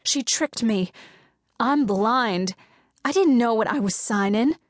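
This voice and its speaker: A woman voicing a furious young woman, shrill. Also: lively intonation, takes it slowly, no room sound, studio quality. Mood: indignant. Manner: shrill, outraged shouting. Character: furious trapped young woman, blind, defiant.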